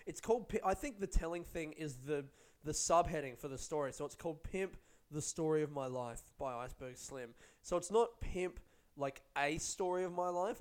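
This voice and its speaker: A young man, a comedian, chatting casually and telling rambling, profane stories. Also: on the high side. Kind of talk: casual vlog chat.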